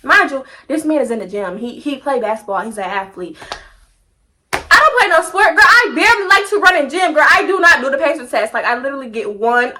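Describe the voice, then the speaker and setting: Animated high-pitched young woman storyteller. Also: fairly quick, background noise. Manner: animated, slangy, repeats phrases for comic effect. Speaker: vlogger telling a story. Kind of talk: casual storytime.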